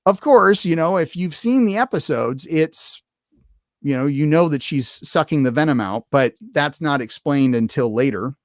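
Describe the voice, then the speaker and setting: A man's voice: a little high, animated, normal speed, no room sound, studio quality. A man hosting a show, recapping an episode in casual unscripted talk, rambling with many fillers and restarts. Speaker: podcast host reviewing an episode.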